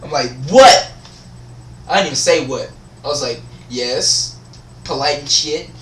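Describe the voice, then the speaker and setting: A man's voice: a little high, moderate pace, bright, forceful tone. A teenage boy telling a school story as a casual, profane, frustrated rant. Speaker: vlogger. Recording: echoey room, voice from far off.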